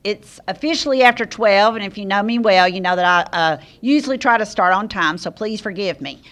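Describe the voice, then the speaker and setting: A woman's voice: medium pitch, brisk, a bit bright. A woman opening a club meeting with hesitant, friendly remarks full of ums. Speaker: meeting chair. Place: meeting room.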